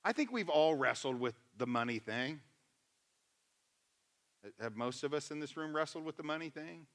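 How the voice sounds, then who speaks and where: Guy preaching to his church, bright punchy voice, keeps asking the crowd stuff. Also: on the high side, lively intonation, normal speed. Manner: emphatic, acts out quotes in voices; conversational, asks the congregation questions. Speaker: pastor. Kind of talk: sermon.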